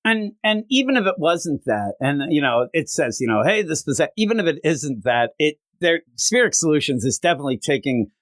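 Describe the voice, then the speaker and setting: A man's voice: on the high side, a little fast, hardly any pauses, no room sound. A man co-hosting a comic book podcast in a rambling, casual chat that is full of swearing. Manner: rambling, swears a lot, lively. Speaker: podcast co-host.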